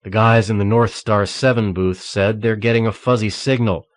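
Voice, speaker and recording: A man voicing a calm male assassin posing as a technician, speaking evenly in an audiobook. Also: on the low side, moderate pace, no room sound, lightly acted. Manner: calm, feigning a plain American voice.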